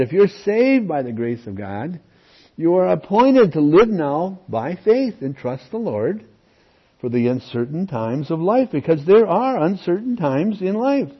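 A man's voice: fairly high pitch, husky, highs cut off. A pastor preaching a sermon in a conversational way, often checking in with his listeners. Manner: conversational preaching with frequent "okay?" check-ins.

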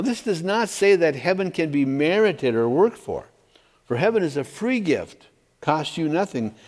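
A male pastor delivers a verse-by-verse sermon, hammering home key words and pausing to ask his listeners if they follow. His mid-pitched voice rings with a long reverb tail from a large hall. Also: darkish tone. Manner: emphatic, stresses key words, asks 'okay?'. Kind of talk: expository sermon. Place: church hall with overhead projector.

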